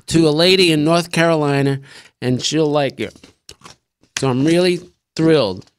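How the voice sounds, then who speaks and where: A man's voice: fairly high pitch, a bit bright, no echo, studio quality. Rambling jokey man hosting a live stream. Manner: rambling, jokey, talks with mouth full. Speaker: show host. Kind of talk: casual live-stream cooking chat. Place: small room at a desk.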